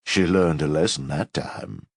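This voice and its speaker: A man voicing a stern, pompous male chief resident doctor with a soft Southern accent, speaking in a slow, clipped, condescending way. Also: a bass voice, creaky, slightly rough, no echo, clean studio sound, heavily acted. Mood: smug.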